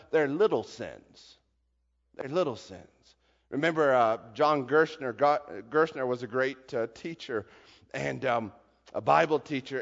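High-voiced emphatic male preacher. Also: vocal fry. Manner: emphatic, swings from hushed to shouting. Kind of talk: sermon. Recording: dull reverberant hall recording.

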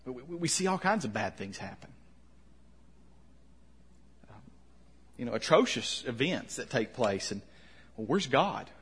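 A man preaching a conversational sermon, asking questions and letting his voice drop soft at the ends of lines. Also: medium pitch, very animated, a little slow, long pauses, slightly rough. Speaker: pastor.

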